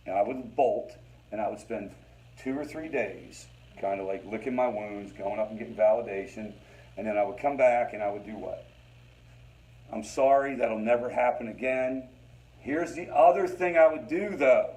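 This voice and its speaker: A man's voice: lowish voice, normal speed, dark tone, poor audio. A man leading a family recovery group, talking conversationally to the room, repeating phrases for emphasis and calling his listeners "guys.". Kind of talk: informal teaching talk to a support group.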